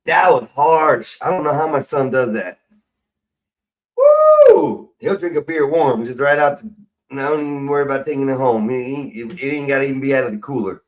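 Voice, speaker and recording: A man's voice: medium pitch, a little fast, distant mic. Rambling profane man. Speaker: livestream host. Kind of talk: rambling casual livestream talk.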